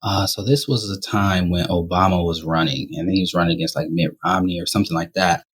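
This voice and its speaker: A young man from Rochester, New York, guesting on a podcast and telling candid stories in a relaxed, conversational way. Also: low voice, a little fast, breathy edge. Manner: relaxed, conversational, often says "you know". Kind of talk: candid storytelling.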